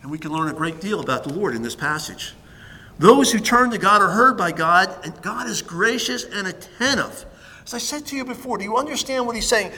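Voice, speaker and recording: A pastor preaches in a high, ringing voice, swinging between hushed asides and loud, emphatic stresses. His words trail off into the long reverb of a church hall. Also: expressive, brisk. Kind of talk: sermon.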